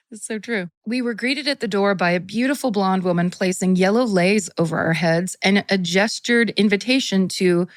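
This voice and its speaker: A woman's voice: medium pitch, normal speed, dry recording. Laughing woman co-host reading a story. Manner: laughs often while reading, animated. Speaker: podcast co-host. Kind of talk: reading a listener's story aloud, casual chat.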